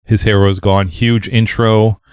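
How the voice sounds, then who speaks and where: Man, low voice, casual podcast chat, rambling with fillers, dry recording. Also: unhurried, clear, resonant tone, no echo. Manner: relaxed, rambling, frequent fillers and laughs. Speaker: podcast co-host.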